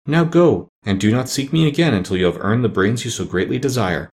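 A lovely, aloof winged fairy lady, put on by a male reader, bargaining coolly in a raised, gravelly voice. Her pitch rises and falls widely. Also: expressive, brisk, close to an everyday voice.

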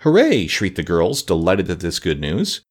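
A man reading a children's storybook aloud, with a low voice. His reading is lively and expressive, with a lot of rise and fall. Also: moderate pace. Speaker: narrator.

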